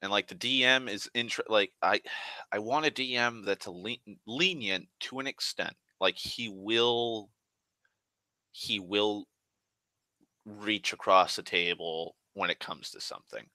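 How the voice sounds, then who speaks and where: A man's voice: fairly low pitch, unhurried, pushed and bright, no echo. A young man hosting his own show, talking in a loose, rambling monologue full of "like", restarts and swearing. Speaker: online show host.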